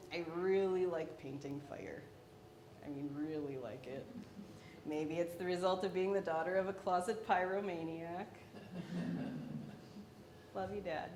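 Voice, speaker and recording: A young woman artist talking through her paintings in a wry, self-deprecating way, laughing between points. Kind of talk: artist talk about her work. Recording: echoey room with faint rumble.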